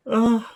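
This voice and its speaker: Profane mocking male streamer. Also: a little mellow. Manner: profane, mocking, reads chat messages aloud. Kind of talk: casual live-stream chat.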